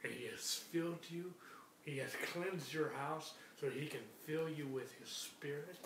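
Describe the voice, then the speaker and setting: A man's voice: a little high, measured pace. A man preaching in an emphatic way, repeating his key phrases for the listeners. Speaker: Bible teacher. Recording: echoey room, distant mic, faint noise.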